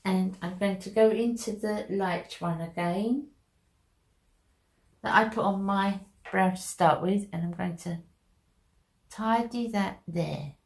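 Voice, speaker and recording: A woman's voice: mid-range voice, vocal fry. A woman talking viewers through a makeup tutorial in a chatty, step-by-step way. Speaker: makeup vlogger.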